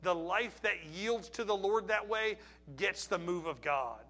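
A man preaches with a high, bright, ringing voice. He presses his points with emphatic repetition and rhetorical questions to the congregation. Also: animated, measured pace. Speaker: pastor. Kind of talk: sermon.

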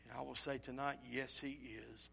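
A man's voice: mid-range voice, moderate pace, vocal fry, a little hiss or hum. A man preaching a sermon, telling a personal story in an earnest, emotional way and acting out his own asides. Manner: animated storytelling with acted-out asides.

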